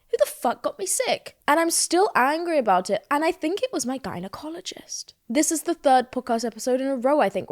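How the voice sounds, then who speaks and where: A young woman in her twenties hosting a casual solo podcast, talking in an expressive, sweary, self-mocking way while fighting off a slight cold. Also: mid-range voice. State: slightly ill, throat irritation. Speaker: podcast host.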